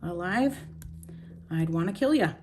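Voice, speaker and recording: A woman vlogging about her journaling, talking bluntly and emotionally with pauses and fillers, shaken as she speaks. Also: on the low side, expressive, a little mellow, a little hiss or hum. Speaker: planner vlogger. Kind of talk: emotional journaling talk to camera.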